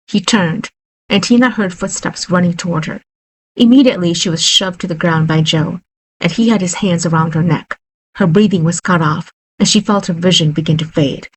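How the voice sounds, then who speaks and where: A woman narrating a horror story in a steady, unhurried reading voice. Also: fairly low pitch, husky, low-quality recording.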